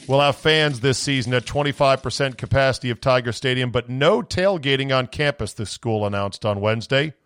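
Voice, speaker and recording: A man's voice: mid-range voice, fairly bright tone, dry recording, clean studio sound. A man hosting a sports podcast, ranting sarcastically with profanity, his voice strained from screaming. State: voice going from screaming. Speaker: podcast host.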